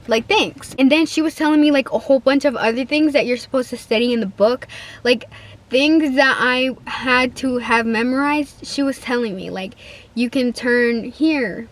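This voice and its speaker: Chatty teen girl vlogger, high voice. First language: Spanish-speaking home, bilingual. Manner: chatty, rambling, heavy use of "like", acts out quoted lines. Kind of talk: casual storytime vlog.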